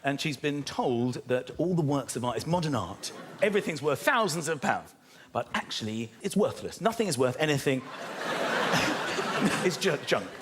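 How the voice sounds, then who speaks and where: A man performing stand-up comedy in a theatre, animated and excitable, acting out conversations in put-on voices. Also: medium pitch, normal speed, slight background noise. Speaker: stand-up comedian and show host. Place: large theatre with a live audience. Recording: roomy theatre with loud audience laughter. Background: loud audience laughter.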